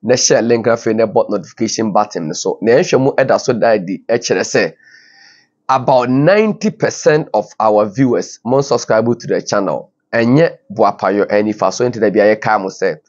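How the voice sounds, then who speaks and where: A man's voice: mid-range voice, expressive, moderate pace, a little mellow. A man with a Ghanaian accent hosts an online news show, reading out viewer comments and mixing Twi with English in an informal, chatty way. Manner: switches between Twi and English, informal asides. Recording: dull lo-fi audio.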